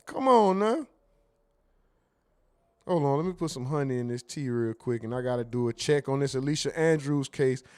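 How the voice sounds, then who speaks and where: A man's voice: mid-range voice, fast, few pauses, mellow, clean tone. A man hosting a casual livestream who reads chat comments aloud, jokes, curses freely, and slips into mimicry. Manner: profane, joking, mimics others. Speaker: livestream host.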